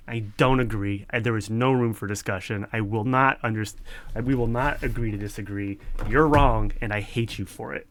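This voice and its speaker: A man who develops open-source software, swearing and ranting in indignant, sarcastic outbursts while he codes, then laughing at himself. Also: fairly low pitch, fairly even intonation, moderate pace, a little hiss or hum. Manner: laughs at himself between rants. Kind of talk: ranting while coding on screen.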